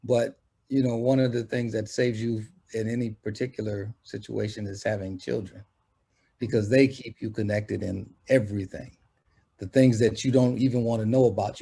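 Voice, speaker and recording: Man, low gravelly voice, dark husky tone, thoughtful interview answer. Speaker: music producer guest.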